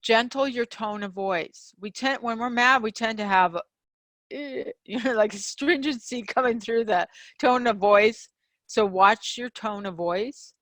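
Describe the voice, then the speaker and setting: Animated woman coaching on relationships. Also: a little high, a little slow, no room sound. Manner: animated, acts out quoted examples in a raised voice; frequent fillers and restarts, laughs between points. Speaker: podcast host and relationship coach. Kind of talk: casual teaching monologue.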